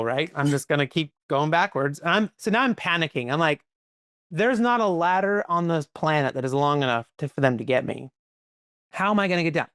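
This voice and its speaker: A man, a podcast guest, telling stories in a lively conversational way, full of "like" and "right?". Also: a little high, smooth, dry recording, clean studio sound. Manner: animated, quick, peppered with "like" and "right?". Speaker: podcast guest, company leader. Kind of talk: conversational storytelling.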